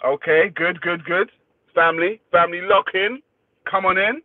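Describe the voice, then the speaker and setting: Here a man with a high-sitting voice talks at normal speed with fairly even intonation and no echo. He's hosting a laid-back livestream, calling out viewers by name, going through their comments, and swearing a lot, all captured in a dry, phone-like, thin recording.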